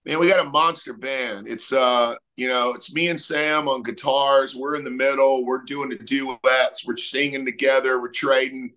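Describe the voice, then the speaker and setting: Laid-back musician, easygoing drawl. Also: male voice, mid-range voice, normal speed, hardly any pauses. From Texas. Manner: relaxed storytelling, many fillers. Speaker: musician guest. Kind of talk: casual interview chat.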